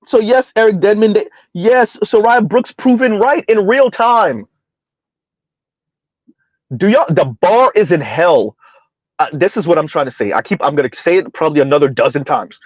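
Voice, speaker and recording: High-voiced man mocking in rhetorical questions. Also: expressive, normal speed, no echo, highs cut off. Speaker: commentary video host. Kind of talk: reaction commentary.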